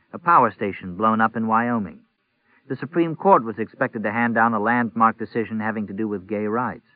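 A man narrating a novel in an even, measured reading. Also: on the low side, no echo. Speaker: audiobook narrator. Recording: tinny phone-like audio, dry.

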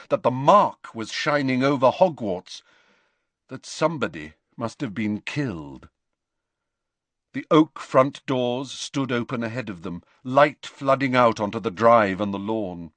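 A man reading a novel aloud as an audiobook narrator, in an expressive, measured style. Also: medium pitch, dry recording. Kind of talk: scripted narration.

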